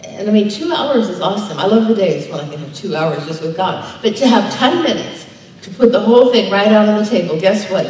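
A woman's voice: mid-range voice, lively intonation, a little fast, a little mellow, a little hiss or hum. A woman pastor preaching a sermon, emphatic and drawing responses from her congregation. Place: church sanctuary. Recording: echoey church hall, distant mic.

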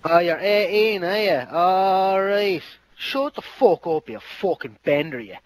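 Angry gamer guy yelling threats on a headset, high voice, jumps all over the place. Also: lively intonation, a little slow, no room sound. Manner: furious, hurling insults and threats. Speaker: player in online voice chat. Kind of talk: heated game chat argument.

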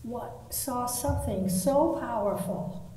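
A woman artist telling a long story in a live talk, pausing often with fillers. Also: on the high side, animated, warm tone, a little hiss or hum. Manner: anecdotal, with pauses and fillers. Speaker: artist interviewee. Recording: echoey hall, mic from far off, faint ambience.

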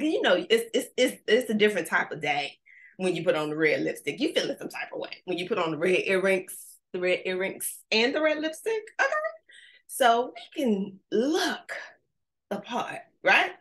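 A woman giving an energetic, playful motivational talk with call-and-response to a virtual audience. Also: fairly low pitch, fairly quick. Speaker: conference speaker.

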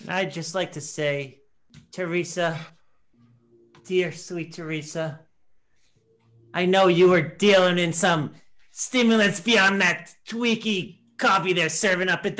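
A paranoid old man, as a man plays him, grumbling about rumors on the street and then flaring into loud outbursts. His voice sits slightly high for a man. He plays a scene in improv comedy. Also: fairly even intonation, a little slow. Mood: ranting.

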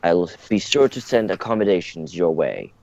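A stiffly courteous male butler of a manor, put on by a man running a tabletop game, deep and low in tone. His speech is dry and a little dull-sounding, as from a lo-fi mic. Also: big pitch swings, moderate pace, vocal fry, a little mellow, no room sound, full character voice. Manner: stiffly courteous, keeps saying sir.

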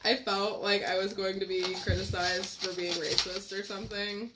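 A woman's voice: medium pitch, flat delivery, normal speed, very noisy. A woman hosting a casual snack-tasting vlog, laughing often as she reads the packages. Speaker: vlog host.

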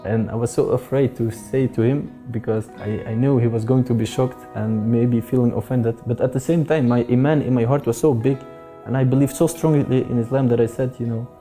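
Fast-talking man, dark-toned. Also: mid-range voice, fairly even intonation, faint music behind. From Belgium. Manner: earnest, fluent with restarts and pious phrases. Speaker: interviewee, convert. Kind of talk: personal storytelling in an interview.

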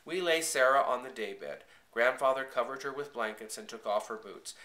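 A man reading a first-person children's story aloud, in a quiet, measured and earnest way. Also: mid-range voice, expressive, echoey room. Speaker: audiobook reader.

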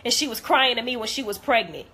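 A woman's voice: on the high side, lively intonation, fast, pushed and bright, breathy edge. A young adult woman vlogger in a blunt, profane, hurt and heartfelt rant to camera.

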